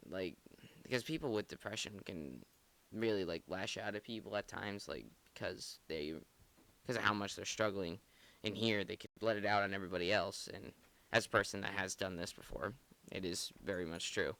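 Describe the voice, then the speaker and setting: Here a male podcast host rambles earnestly about song lyrics, his talk loose and full of fillers. The voice is a bit low yet bright and forceful, smooth and clear, at normal speed, captured in a dry, close recording.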